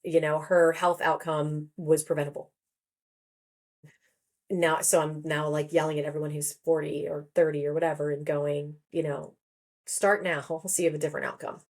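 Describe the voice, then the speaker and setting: A woman psychotherapist and author, talking in an animated, emphatic way in a podcast interview and laughing often. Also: low-pitched, moderate pace.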